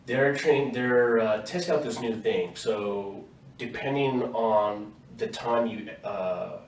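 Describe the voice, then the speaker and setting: A man talking as the guest in a casual podcast interview, telling lively stories from basic training and laughing often. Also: on the low side, takes it slowly, reverberant, distant mic, a little hiss or hum, rough recording. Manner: animated storyteller, laughs often. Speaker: guest, army veteran.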